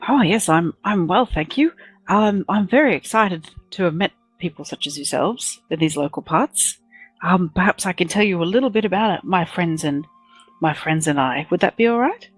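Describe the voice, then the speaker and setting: Woman player; courteous, a little formal, low-ish, dry close mic. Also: animated, normal speed, breathy edge, no echo, soft background music, rough recording. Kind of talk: playing a character in a tabletop game.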